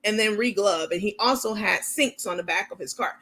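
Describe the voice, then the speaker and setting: Speaking briskly in a medium-pitched, slightly bright voice, a New York-accented woman with a university degree runs a chatty commentary show like a casual livestream. She rambles along and reads out viewers' comments as she goes.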